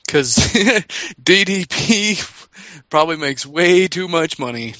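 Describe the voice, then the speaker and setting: Bright, eager male podcast guest. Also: fairly high pitch, lively intonation, slow, no room sound. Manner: eager, rambling, with lots of fillers. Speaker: podcast co-host. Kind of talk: casual wrestling podcast chat. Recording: dry, dull lo-fi audio.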